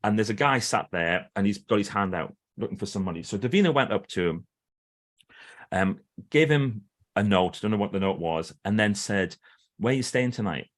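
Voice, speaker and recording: A middle-aged author and trainer, guesting on a podcast interview, tells stories in a low-leaning voice at a moderate pace. He's animated, acting out the quoted speech of others.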